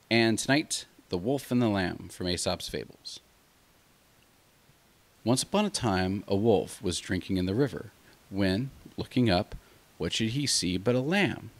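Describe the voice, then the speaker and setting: A man from the United States narrating a bedtime fable in a gentle, measured way as a storyteller. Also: fairly low pitch.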